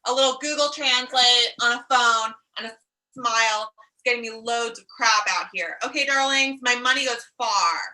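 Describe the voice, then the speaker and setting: A woman's voice: on the high side, moderate pace, pushed and bright, far from the mic, poor audio. A woman life coach on a comedic live stream, talking in a sassy, profane way and calling her listeners darlings. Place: outdoors in a warm country. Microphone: phone live stream.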